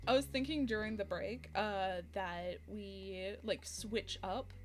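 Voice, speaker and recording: A woman's voice: mid-range voice, slow pace, soft background music. A young Australian woman streamer chatting casually while playing a game, giggling often.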